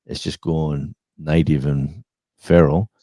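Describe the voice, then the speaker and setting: A man's voice: extremely low pitch, little pitch movement, takes it slowly, mellow, no echo. A man with an Australian accent telling rambling stories in a casual live-stream chat, with plenty of fillers. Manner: rambling storyteller, many fillers.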